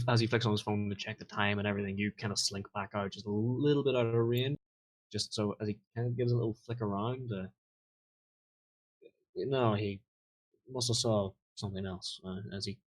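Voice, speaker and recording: A man's voice: lowish voice, rough recording. Casual male game master. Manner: casual, rambling, many fillers. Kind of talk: narrating a tabletop game.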